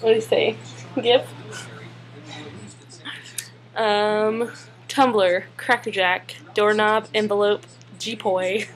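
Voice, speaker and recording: Young woman, giggly and casual, mid-pitched voice. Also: steady tone, takes it slowly, long pauses. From Spartanburg, South Carolina. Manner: giggly, laughs between words. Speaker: vlogger. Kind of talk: casual chat reading a word list.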